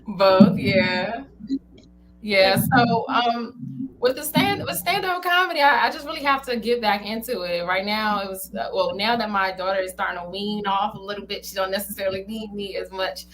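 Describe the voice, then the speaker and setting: A woman's voice: mid-range voice, moderate pace, fairly bright tone, low-quality recording. A woman guest on a talk show, a comedian chatting informally and laughing often. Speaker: guest, comedian and entertainment founder. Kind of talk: casual interview chat.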